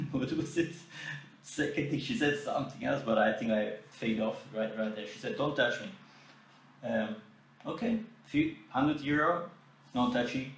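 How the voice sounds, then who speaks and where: Man, podcast host, animated and indignant storytelling, very roomy echo, sits back from the mic. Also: mid-range voice. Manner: animated, indignant, mimics quoted exchanges. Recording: echoey room, mic at a distance.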